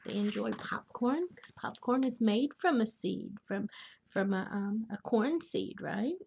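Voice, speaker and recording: An older woman, reading a children's picture book aloud as a grandmother, gently chatting and asking the listeners questions. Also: mid-range voice, expressive, measured pace, vocal fry, breathy edge. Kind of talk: storybook read-aloud for children.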